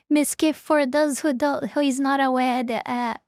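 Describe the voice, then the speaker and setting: High-voiced woman reacting, halting and dry. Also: fairly even intonation, a little mellow, no echo. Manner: halting, restarts often, laughs at herself. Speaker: reaction streamer. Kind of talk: casual reaction commentary.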